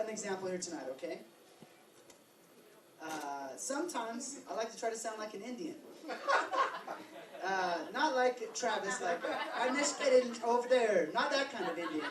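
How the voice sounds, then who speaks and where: A man interpreting aloud for a deaf stand-up comedian, telling jokes in deadpan storytelling with asides, recorded in a comedy club lounge. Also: high-pitched. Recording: distant roomy club mic with crowd and noise.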